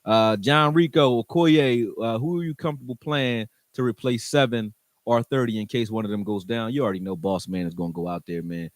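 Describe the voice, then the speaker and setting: A man with a medium-pitched voice talks a little fast as he hosts a sports show and breaks down football film for his viewers. His commentary is casual, frank and slangy, with some swearing, and there's no echo on the recording.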